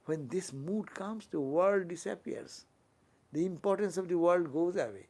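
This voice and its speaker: With a high-pitched, slightly mellow voice and lively intonation, an older monk speaks in Indian-accented English. His spiritual talk is fervent, full of questions aimed at the listeners and rapid tag-questions.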